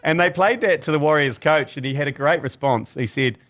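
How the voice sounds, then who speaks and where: A man's voice: fairly high pitch, fairly quick, fairly bright tone, slight background noise. A man hosting a casual comedy podcast, rambling through stories with many ums and laughing at his own jokes. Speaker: podcast host.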